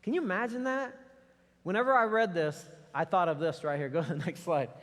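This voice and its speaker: A man preaching a sermon as pastor, telling a personal story in a conversational way with animated asides. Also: on the high side, quick pace. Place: church sanctuary. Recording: long hall reverb.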